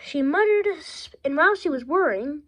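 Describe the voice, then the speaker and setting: A woman reading a rhyming picture book aloud with a steady rhythm. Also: high-pitched, fairly quick. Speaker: reader.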